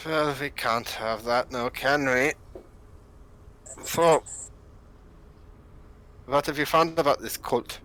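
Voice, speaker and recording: A man's voice: medium pitch, takes it slowly, pauses often, bright, forceful tone. A man who plays in a tabletop game, joking at the table and turning formal in character. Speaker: player. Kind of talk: casual chat and in-character play.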